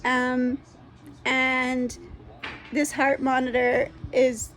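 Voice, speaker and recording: A woman's voice: sits high, monotone, drawn-out words, a bit bright, slight background noise. A woman who runs a dog rescue gives a casual spoken update from home into a phone camera. She sounds congested and rambles with lots of ums and restarts.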